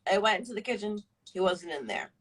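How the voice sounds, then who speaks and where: A woman's voice: mid-range voice, expressive, fast talker, fairly bright tone, low-quality recording. Young woman, livestream guest, casual storytelling, filler-heavy, profane. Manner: rambling, filler-heavy, frequent swearing.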